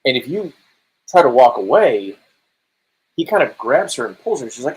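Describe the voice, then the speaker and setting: A man with a somewhat husky voice talks casually on a podcast about video games. He tells stories in an animated way and slips into little acted-out quotes. His pitch sits in an ordinary middle range. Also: fairly quick, pauses often, poor audio. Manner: animated storytelling, acts out quotes. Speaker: podcast co-host.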